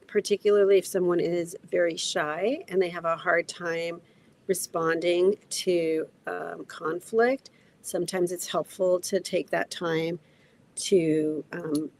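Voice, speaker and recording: A woman therapist talking gently and thoughtfully in a casual podcast conversation, with frequent pauses and fillers. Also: on the low side, fairly even intonation, slight background noise. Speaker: therapist guest.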